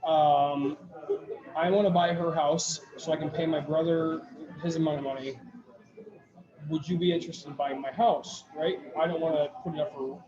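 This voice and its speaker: A man's voice: a little high, steady tone, moderate pace. A man co-hosting a podcast, telling a long story in casual chat, rambling with restarts and quoting what others said. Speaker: podcast co-host. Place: brewery taproom. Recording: echoey taproom with crowd chatter, dull sound.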